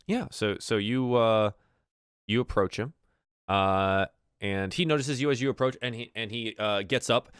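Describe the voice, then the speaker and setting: A man narrating a tabletop game as game master. His voice is on the low side and sounds dry and close. He rambles loosely through his descriptions. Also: unhurried, a bit bright, clean tone, no echo. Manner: loose and rambling, with many fillers.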